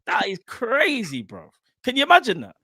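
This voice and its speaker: Animated man, slangy, dry sound. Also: very high-pitched, moderate pace, slightly rough, no room sound. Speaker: football podcast co-host. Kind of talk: casual chat.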